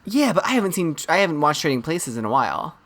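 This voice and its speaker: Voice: mid-range voice, very animated, fast, a bit bright. A podcast co-host in a casual film chat, talking in long emphatic runs with acted-out asides.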